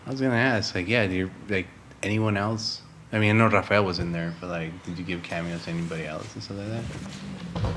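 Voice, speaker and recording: A man's voice: deep voice, fairly bright tone. A man co-hosting a podcast, chatting casually and laughing easily while asking questions. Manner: easygoing, quick to laugh. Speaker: podcast co-host. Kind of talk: casual commentary chat. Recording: faint background noise.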